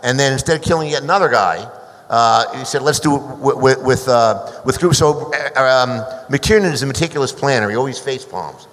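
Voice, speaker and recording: A man on a panel telling a long behind-the-scenes story, restarting often and turning animated when he quotes others. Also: mid-range voice, a little fast. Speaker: screenwriter guest. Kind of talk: anecdotal panel talk. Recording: hall reverb.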